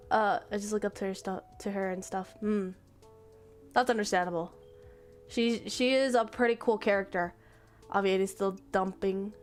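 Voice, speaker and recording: A young adult woman streamer casually retelling a story in a rambling, animated way, full of fillers and restarts. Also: on the high side. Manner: rambling and animated, acting out characters' lines. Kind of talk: casual stream chat, retelling a manga plot.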